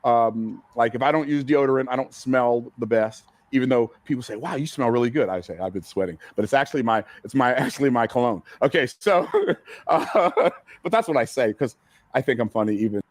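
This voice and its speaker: A man's voice: medium pitch, fairly quick, dry recording. A man coaching a live room in seminar style, hammering his points home with repeated phrases and questions to the crowd. His voice sits mid-range and sounds close and dry, with no room ring. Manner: emphatic, repeats key phrases, asks the audience questions. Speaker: business coach speaking on stage. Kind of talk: seminar teaching talk. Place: event room with a live audience.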